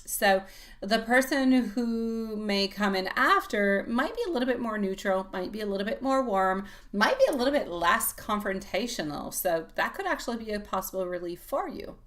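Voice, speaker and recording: A woman's voice: medium pitch, lively intonation, moderate pace, a bit bright. Affectionate woman tarot reader. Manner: affectionate, calls listeners sweetie; soothing, reassuring advice. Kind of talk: live-stream tarot reading and chat with viewers.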